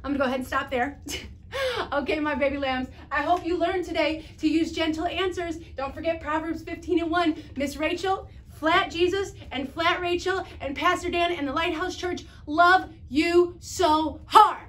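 A young woman leading an energetic children's Bible lesson to camera, moving about as she talks, singing and shouting with bubbly, exaggerated enthusiasm. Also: very high voice, normal speed. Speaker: children's ministry teacher.

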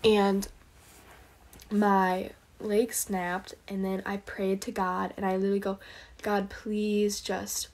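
A woman's voice: mid-range voice, monotone, takes it slowly, darkish tone. A young woman telling earnest faith stories on a late-night livestream. She sounds tired and talks in a breathless rush. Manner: earnest, breathless storytelling, whispers prayers. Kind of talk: casual faith testimony on a livestream.

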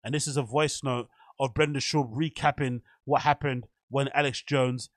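A man's voice: medium pitch, steady tone, normal speed, dry recording, studio quality. A man hosting a commentary channel, chatting casually and rambling with fillers.

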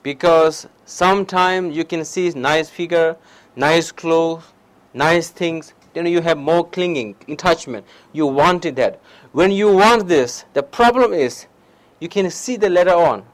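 Young Nepali-accented male teacher, high-pitched, storytelling dharma talk to an audience. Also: unhurried, rough recording. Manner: non-native English, animated anecdotes, frequent "huh?" asides. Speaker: meditation teacher. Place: lecture hall before an audience.

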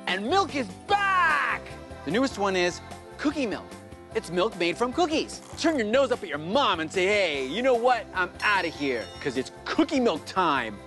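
Male actor as a boastful, rambling milk board boss with an animated voice, for sketch comedy. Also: mid-range voice, lightly acted. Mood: excited. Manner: rambling, half-hearted, boastful. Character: bumbling male milk board spokesman, self-important.

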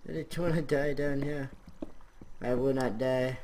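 Excitable man narrating his gameplay. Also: mid-range voice, a little slow. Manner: excitable, exclaims and swears often, laughs a lot. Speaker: gaming video host. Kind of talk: casual let's-play commentary. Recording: clear background noise.

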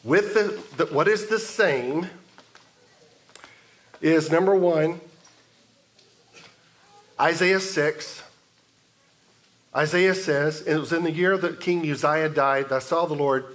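A man preaching a sermon as pastor, in a measured way, building emphasis through repetition. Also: on the high side, a bit bright. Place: church sanctuary.

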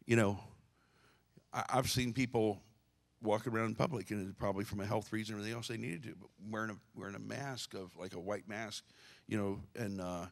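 Gravelly-voiced man preaching a folksy sermon. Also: lowish voice, fairly even intonation, fairly quick. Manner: folksy, joking, many restarts. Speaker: pastor. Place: church sanctuary.

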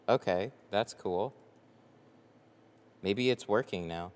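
A man with a fairly low voice talks loosely to his livestream viewers, rambling and full of fillers. His voice trails off into long reverb, the way it does in a tint workshop. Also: measured pace, clear, resonant tone. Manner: chatty, rambling, frequent fillers. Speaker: window tint installer streaming live. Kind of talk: casual livestream chat. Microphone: headset.

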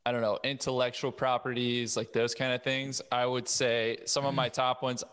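A man co-hosting a casual podcast, speaking in a measured, thoughtful way with small hedges. His voice is smooth and clear at a middle pitch. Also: little pitch movement, fairly bright tone, big-room sound. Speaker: podcast co-host. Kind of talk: casual chat.

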